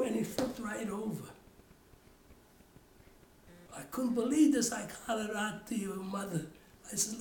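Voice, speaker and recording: In an oral history interview, an older father rambles through family stories, restarting his sentences often. His voice sits high and moves a little slowly with long pauses, while a crowd murmurs behind him and the room echoes.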